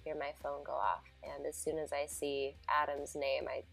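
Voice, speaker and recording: A woman's voice: low voice, little pitch movement, moderate pace, vocal fry, soft background music, poor audio. A woman playing a tabletop role-playing game, casually describing what her character does, with many fillers. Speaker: player.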